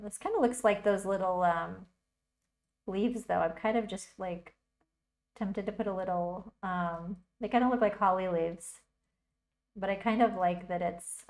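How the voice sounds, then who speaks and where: A woman with a slightly low voice hosts a casual livestream tutorial. She chats and thinks aloud as she works, trailing off and picking back up. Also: darkish tone. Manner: chatty, thinking aloud while working. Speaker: tutorial host.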